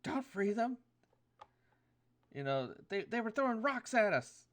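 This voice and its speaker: A tiny pixie from a tabletop game, shrieking an angry complaint in a high, loud voice, as a man puts it on. It is well above his usual pitch and sounds small and fussy. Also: big pitch swings, measured pace, full character voice. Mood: indignant. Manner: shrill, indignant shouting.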